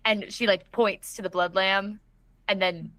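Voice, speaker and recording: A woman playing a tabletop role-playing game, talking excitedly and swearing as she works through the story with her friends. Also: medium pitch, unhurried, no echo. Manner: excitable, swears, self-deprecating. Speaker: player. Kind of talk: casual tabletop game chat.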